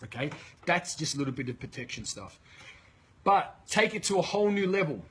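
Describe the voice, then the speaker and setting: A man with an Australian accent, a leadership coach telling a story in a live webinar, energetic and swearing as he retells it. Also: fairly high pitch, fairly quick, breathy edge, low-quality recording.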